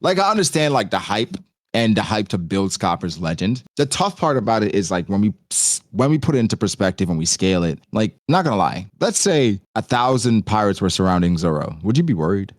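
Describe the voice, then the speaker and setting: A man hosting a casual discussion podcast, talking in a relaxed way with lots of "like" and "you know". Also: lowish voice, a little fast, no echo, clean studio sound. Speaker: host.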